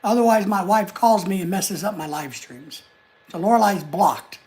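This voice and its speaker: A man's voice: high voice, moderate pace, a little mellow. An American man hosting a livestream, chatting casually and reading out and greeting viewer comments from his home desk. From United States. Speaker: livestream host. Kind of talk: casual live chat.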